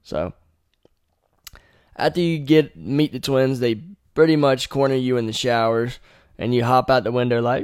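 Young male host, casual game retelling, profane and animated, mid pitch. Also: normal speed, long pauses, smooth, dry recording, clean studio sound. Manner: animated, profane, laughing asides. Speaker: podcast host.

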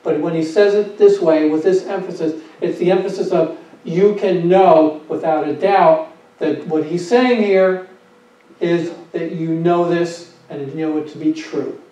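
A male pastor with a high yet mellow voice preaches with emphatic, repeated phrases and rhetorical questions. He sounds distant from the mic, in a very echoey church with dull, muffled sound. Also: a little slow. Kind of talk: sermon.

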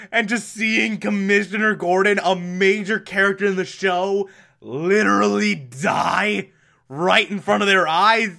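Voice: mid-range voice, gravelly, pushed and bright. A reviewer recapping an old TV episode in casual, sarcastic, exasperated commentary. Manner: sarcastic, exasperated, bursts into laughter.

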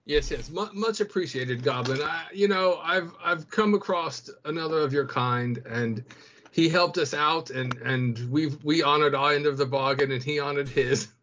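A man's voice: on the high side, normal speed, fairly bright tone, dull audio, slight background noise. A man playing a tabletop game, addressing a character politely and formally, often restarting his sentences. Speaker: player. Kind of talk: in-character tabletop role-play.

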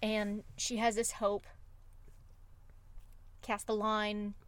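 A woman's voice: medium pitch, monotone, extremely slow, a bit bright. A woman co-hosting a podcast, retelling film scenes with emotive enthusiasm in casual chat. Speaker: podcast co-host.

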